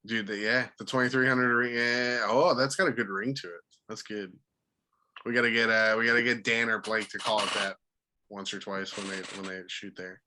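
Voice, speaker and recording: A man's voice: on the low side, steady tone, a little fast, sharp tone. A man co-hosting a podcast, joking around in loose casual banter. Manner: joking, loose, laughs often. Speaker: podcast co-host.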